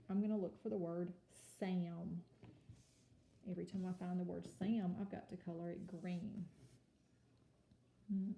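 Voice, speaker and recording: A woman teaching a kindergarten home-learning lesson, speaking slowly and carefully and sounding out words for young children. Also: mid-range voice, gravelly, mellow. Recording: echoey room with faint noise.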